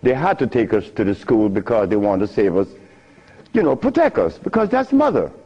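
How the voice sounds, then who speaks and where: An older man giving a talk, telling stories with frequent laughter and big swings in pitch. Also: sing-song, a little fast, dark tone, slightly rough. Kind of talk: animated storytelling lecture. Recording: muffled lo-fi recording.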